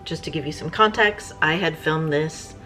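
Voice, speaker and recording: A woman, chatting casually and rambling as a vlogger, with soft music behind. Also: deep voice, normal speed. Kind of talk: casual chat.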